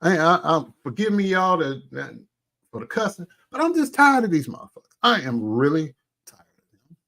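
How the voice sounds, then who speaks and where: A man rants straight into his own vlog, angry and profane, his fairly high voice leaping between shouted outbursts and low muttering. He keeps talking through a burger as he calls out a rival. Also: sing-song, normal speed, gravelly. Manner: angry, cussing, swings from loud to low; eats while talking. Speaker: commentary vlogger. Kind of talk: heated call-out rant.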